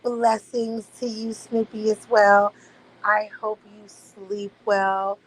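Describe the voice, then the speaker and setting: A woman's voice: medium pitch, little pitch movement, slow, a little hiss or hum, rough recording. A woman hosting a casual livestream, chatting loosely with her viewers and swearing freely. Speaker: livestream host. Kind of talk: casual late-night livestream chat.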